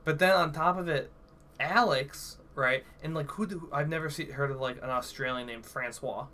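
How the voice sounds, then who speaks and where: A man's voice: on the high side, normal speed, sharp tone, slight background noise. A man co-hosting a casual podcast, rambling with lots of fillers and crude jokes. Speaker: podcast co-host. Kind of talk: casual chat.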